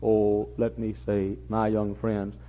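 An older man preaching a sermon, repeating his phrases and building to impassioned, near-shouting peaks. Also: fairly low pitch, monotone, slow pace. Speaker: pastor. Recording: muffled lo-fi recording.

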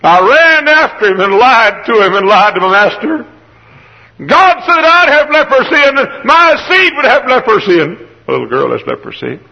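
Preacher playing Gehazi, a gravelly guilt-ridden leper. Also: male voice, lowish voice, steady tone, a little slow, long pauses, exaggerated voice. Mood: anguished. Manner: remorseful first-person lament. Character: grieving leprous male servant, guilt-ridden father. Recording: dull lo-fi sermon recording.

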